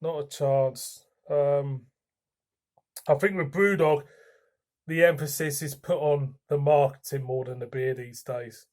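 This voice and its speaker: A man's voice: on the high side, fairly even intonation, measured pace, pauses often, a little mellow. A man giving a blunt, frank beer review in a casual vlog, swearing now and then.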